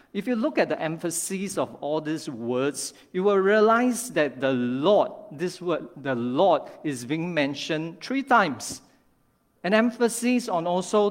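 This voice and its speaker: Slow, measured pastor in a reverberant hall. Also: male voice, on the high side. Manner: measured, deliberate preaching with repeated emphasis and fillers. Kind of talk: sermon. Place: church sanctuary.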